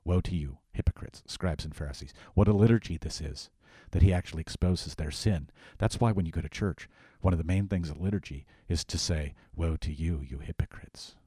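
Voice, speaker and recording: A man co-hosting a conversational Bible study, animated, acting out voices for emphasis. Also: deep voice, fairly quick, slightly rough, dry recording, studio quality.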